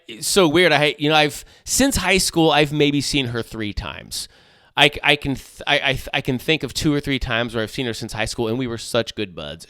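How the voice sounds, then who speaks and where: A man's voice: mid-range voice, bright, forceful tone, clean tone, no echo. A middle-aged man hosting his own podcast, chatting casually with lots of jokey asides and restarts, close on the mic. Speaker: podcast host. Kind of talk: solo casual podcast chat.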